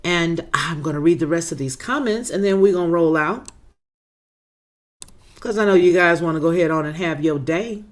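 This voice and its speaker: A woman's voice: fairly low pitch, normal speed. A woman hosting a casual livestream, reading viewer comments aloud and greeting people by name in a chatty, folksy way. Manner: talks to viewers as girl, baby and boo-boo. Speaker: livestream host.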